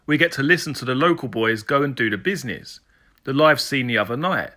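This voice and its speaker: A man's mid-range voice comes out pushed and bright, fairly quick, with lively intonation. He portrays a Welsh male police sergeant who is crude and jokey, speaking in a blunt, teasing way with a Welsh accent and a joking mood.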